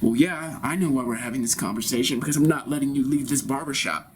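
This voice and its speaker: A man improvising a brash, crude male barbershop regular who lectures bossily and talks fast. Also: mid-range voice, background noise, natural voice. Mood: taunting. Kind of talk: improvised comedy scene.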